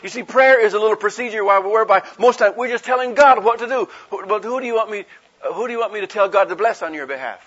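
A man's voice: sits high, fast, a bit bright. A man preaching a sermon in a folksy, conversational way, asking his listeners rhetorical questions and acting out the people he quotes. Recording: dull lo-fi recording.

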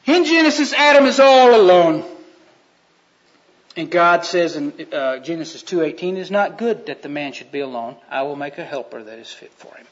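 A man preaching a sermon, retelling Bible scenes in a folksy storytelling way that swings from loud to hushed. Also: on the high side, big pitch swings, brisk, few pauses, muffled recording.

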